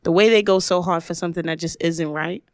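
Smooth-voiced man telling a slangy story. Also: on the high side, fairly even intonation, quick pace, dry recording, clean studio sound. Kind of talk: casual chat.

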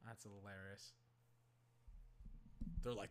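A man from Oakland, California, casually calling a basketball game he is watching, rambling with lots of "like" and breaking into excited shouts. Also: a little high, normal speed, pauses often. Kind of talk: casual play-by-play while watching.

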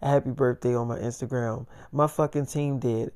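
A man's voice: mid-range voice, fairly even intonation, moderate pace, a little mellow, clear, resonant tone, natural voice. A man voicing an adult woman who is defensive and pleading, with lots of swearing, in a casual spoken story.

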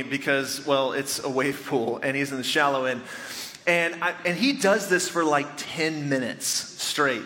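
Bright-voiced pastor preaching in a reverberant hall. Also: male voice, mid-range voice, unhurried. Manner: chatty, joking, talks directly to the congregation. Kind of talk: conversational storytelling sermon. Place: church sanctuary before a congregation. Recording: long reverb of a large church hall.

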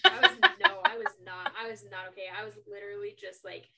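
A woman's voice: mid-range voice, little pitch movement, fast talker, vocal fry, very noisy. A young woman co-hosting a book podcast in casual chat, retelling scenes emphatically. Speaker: podcast co-host.

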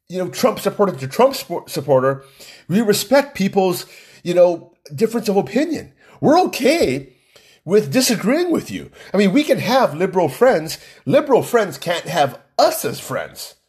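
A man's voice: mid-range voice, a little mellow, husky. A man hosting his own podcast, talking in a chatty, rambling way with lots of asides and restarts. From Hawaii. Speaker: podcast host. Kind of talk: casual solo podcast monologue.

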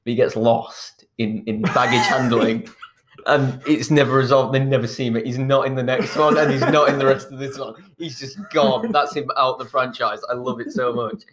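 A man chatting casually as he retells a film plot, his voice sitting at an ordinary middle pitch. He rambles along, trips over his words, and chuckles to himself as he goes. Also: fairly even intonation, moderate pace, hardly any pauses, noisy background. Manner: rambling, restarts often, chuckles while telling.

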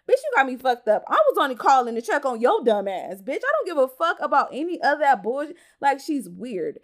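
A woman with a high voice hosts her podcast in a loose storytime style. She swears constantly and speaks directly to her listeners as y'all. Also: brisk, few pauses. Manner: profane, animated, talks straight to listeners as y'all. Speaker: podcast host. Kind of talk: casual storytime rant.

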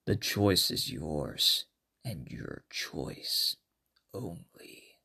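A podcaster putting on the voice of a menacing stranger at the door, speaking slowly and low, sinking into whispers. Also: animated, creaky, sharp tone, slightly rough, exaggerated voice. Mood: ominous. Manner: slow, low, fading into whispers.

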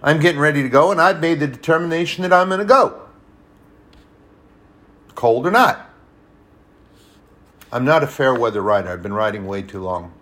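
A man preaching a sermon, telling personal stories, swinging between hushed and loud, emphatic passages. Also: fairly high pitch, normal speed, pauses often. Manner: storytelling, personal anecdotes.

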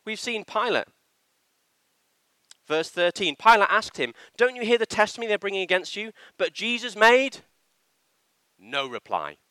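A man preaching a sermon in a church, with an animated, emphatic delivery that slips into acted quotations. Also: high-pitched, moderate pace, no echo.

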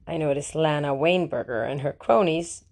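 A woman's voice: low-pitched, normal speed, vocal fry, a little mellow. Wry woman reading an audiobook. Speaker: audiobook narrator. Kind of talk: first-person audiobook narration.

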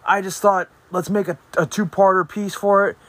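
A man's voice: high-pitched, steady tone, normal speed, fairly bright tone, no room sound. Chatty man reviewing a movie. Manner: rambling, chatty, with self-corrections and restarts. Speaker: podcast host. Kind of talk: casual spoken movie review. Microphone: podcast microphone.

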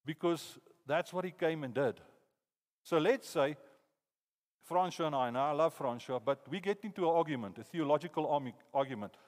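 South African preacher, animated storytelling. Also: male voice, on the high side, normal speed. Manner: animated storytelling, hypothetical anecdotes. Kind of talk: sermon. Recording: long reverb in a hall.

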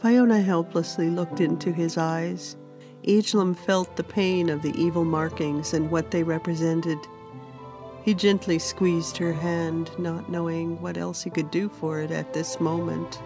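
A woman author narrating her own fantasy storybook in a gentle, unhurried reading. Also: fairly low pitch, steady tone, faint music behind.

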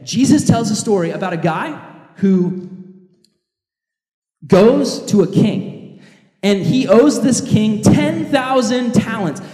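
High-voiced casual male preacher in a hall. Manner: casual, energetic storytelling. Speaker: pastor. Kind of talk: sermon. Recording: echoey hall reverb.

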